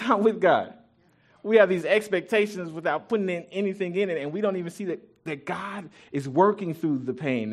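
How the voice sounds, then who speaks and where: Animated man preaching a sermon. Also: on the high side. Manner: animated preaching with sudden jumps in loudness and frequent restarts; conversational and joking with the congregation. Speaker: pastor and youth track coach. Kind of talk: sermon, Bible teaching with personal stories.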